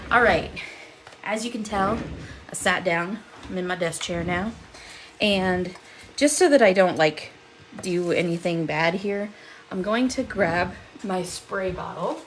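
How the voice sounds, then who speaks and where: A woman's voice: on the low side, lively intonation, unhurried, noisy background. A woman hosting a live crafting demo. She chats with viewers and laughs often, seated at her craft desk. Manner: chatty and upbeat, laughs often. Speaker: crafting livestream host.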